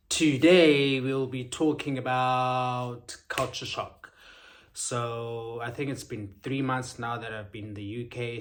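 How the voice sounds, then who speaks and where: A man's voice: mid-range voice, a bit bright, slight background noise. A young man, chatting casually and upbeat to his vlog audience. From South Africa. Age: young adult. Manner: chatty, upbeat, frequent ums. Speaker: vlogger.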